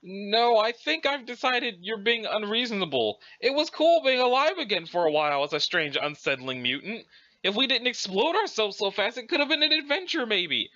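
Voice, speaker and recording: A meek, easygoing ghost troll boy, as a male reader voices him, speaking mildly and hesitantly. The tone is high and bright, on a slightly dull recording. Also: very animated, moderate pace, heavily acted. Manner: mild, hesitant.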